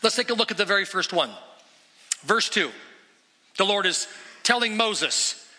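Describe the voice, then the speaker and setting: A man's voice: sits high, animated, normal speed, bright, forceful tone, in a large hall. A middle-aged man preaching a sermon as pastor, teaching emphatically and asking rhetorical questions.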